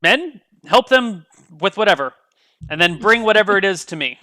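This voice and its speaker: Man doing a curt knight lady, commanding and stern, bright crisp voice. brief note. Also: mid-range voice, expressive, normal speed, voice pushed up.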